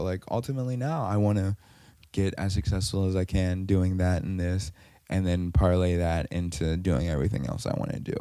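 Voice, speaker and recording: A man's voice: sits low, dark tone, clear, resonant tone, no room sound. A man hosting a podcast, telling a personal story in a rambling way, full of fillers and self-corrections. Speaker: podcast host.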